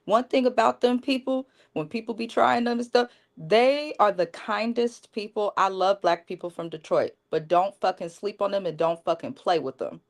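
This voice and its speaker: A woman's voice: mid-range voice, normal speed, few pauses. A woman from the Bay Area chatting as co-host on a livestream, blunt and profane. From Bay Area, California. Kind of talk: casual livestream chat.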